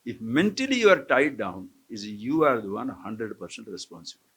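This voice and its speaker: In the lecture hall of an ashram camp, an Indian swami teaches scripture to a live audience, chuckling often and putting questions to them. He speaks at a normal speed in a lowish, fairly bright, slightly rough voice with big swings in pitch.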